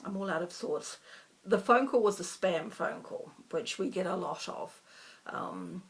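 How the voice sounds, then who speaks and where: Chatty woman with a gravelly voice. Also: lowish voice, a little slow. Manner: chatty, rambling, self-deprecating. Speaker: cross-stitch vlogger. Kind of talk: casual chat.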